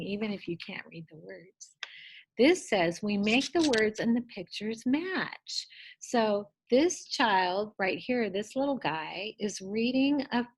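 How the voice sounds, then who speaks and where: Slow, gentle woman teacher. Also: mid-range voice, slightly rough, rough recording. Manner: gentle, encouraging, asks children questions. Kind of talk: lesson for young children.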